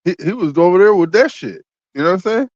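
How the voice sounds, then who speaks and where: Co-host, male, crude casual banter, higher voice, dry dull lo-fi sound. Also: animated, fast, a little mellow, dry recording. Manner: profane, joking, loose. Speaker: podcast co-host.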